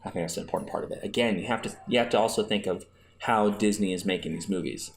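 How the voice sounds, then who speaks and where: A man's voice: on the low side, quick pace, gravelly, a little hiss or hum. A man hosting a podcast, making his case in a chatty, argumentative way with many restarts. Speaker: podcast host. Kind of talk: casual fan discussion.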